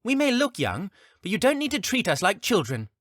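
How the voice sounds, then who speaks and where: A man's voice: high voice, huge pitch swings, brisk, no room sound, clean studio sound, pitched above the performer's own voice, exaggerated voice. A man voicing a witty, cheeky male shapeshifter who looks like a child. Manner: cheeky, sharp-tongued, whiny. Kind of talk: audiobook character reading.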